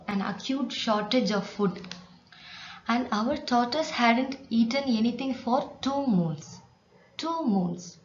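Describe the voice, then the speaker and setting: Slow, patient woman teacher. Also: a little high. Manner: slow, patient, explaining words with examples. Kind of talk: reading and explaining a story to students. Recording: echoey room, dull sound, faint hiss.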